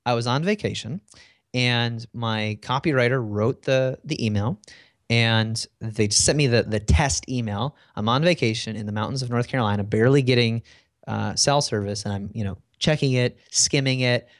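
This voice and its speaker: A man's voice: mid-range voice, moderate pace, no room sound, studio quality. A man in a casual interview, telling work stories in a conversational way with frequent fillers. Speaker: guest.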